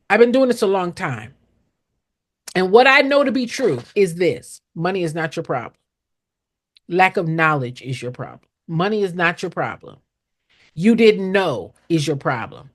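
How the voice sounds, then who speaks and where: Middle-aged woman consultant: direct, emphatic teacher with a lively, higher-pitched delivery and preacher-like repetition. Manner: blunt, emphatic, preachy, repeats key lines. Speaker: nonprofit consultant. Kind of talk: direct live-stream teaching to viewers.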